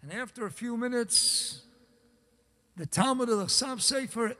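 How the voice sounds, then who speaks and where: Male rabbi, very high bright voice, dramatic storytelling in a booming synagogue hall. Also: moderate pace. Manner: dramatic storyteller, acts out the characters. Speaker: rabbi giving a talk. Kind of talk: sermon storytelling. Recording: reverberant hall.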